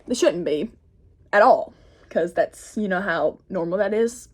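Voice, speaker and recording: A teenage girl with a drawl tells a story in a loose, chatty way, filling gaps with "like" and "y'all". She talks at a medium pitch, straight into a phone camera. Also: expressive, measured pace, a little mellow, husky. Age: teens. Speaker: vlogger. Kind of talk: get-ready-with-me storytime.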